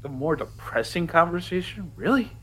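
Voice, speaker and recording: A man's voice: fairly high pitch, expressive, normal speed, fairly bright tone, a little hiss or hum. A man hosting a podcast, with joking, exasperated banter. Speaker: podcast host. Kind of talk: casual chat.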